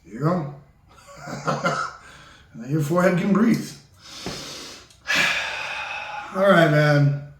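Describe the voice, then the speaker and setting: A man hosting a comedy talk show, ranting loudly and cursing, then turning sentimental. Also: a little high, drawn-out words, pauses often. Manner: loud, excitable, cursing, swings between ranting and sentimental. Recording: echoey room, distant mic.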